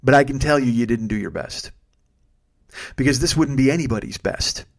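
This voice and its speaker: A man's voice: mid-range voice, normal speed, creaky. A man telling a story from his driving job in a blunt, profane, exasperated way. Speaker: storyteller, rideshare driver. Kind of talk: casual storytelling.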